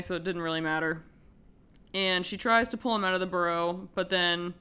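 A woman's voice: medium pitch, sharp tone, smooth. A woman hosting a podcast, casually retelling a film's plot with lots of swearing and filler words. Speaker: podcast host. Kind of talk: casual film recap.

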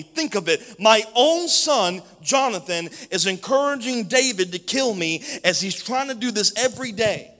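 A preacher acting out a furious, paranoid king who shouts accusations at his men, in a hall with long reverb. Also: fairly high pitch.

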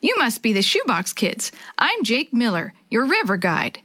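A woman's voice: a little high, sing-song, normal speed, fairly bright tone, no echo, pitched above the performer's own voice. A woman doing a folksy male river guide. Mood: friendly. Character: friendly male river guide, small, bearded.

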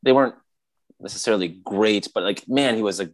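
A man in casual chat, retelling scenes excitedly with frequent laughter. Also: on the low side, fairly quick.

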